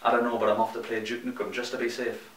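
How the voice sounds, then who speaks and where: Fast-talking Geordie man reading gaming news. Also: medium pitch, little pitch movement, over loud music. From North East England. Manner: dry, teasing banter. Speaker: co-host of a gaming news show. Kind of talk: scripted comedic news reading. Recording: roomy echo, mic at a distance.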